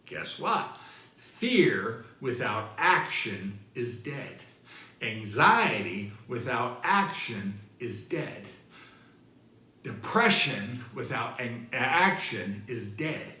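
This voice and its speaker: A man giving a motivational talk in a lively, swinging voice. He takes his time and leans hard on the repeated key phrases. A roomy echo surrounds him. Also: medium pitch, drawn-out words. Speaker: motivational speaker.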